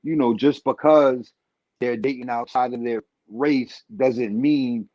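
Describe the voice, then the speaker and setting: A man's voice: mid-range voice, fairly even intonation, slow, a little mellow, no room sound, highs cut off. A man co-hosting a casual podcast, using plenty of slang and repeating phrases for emphasis. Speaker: podcast co-host. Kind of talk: casual banter.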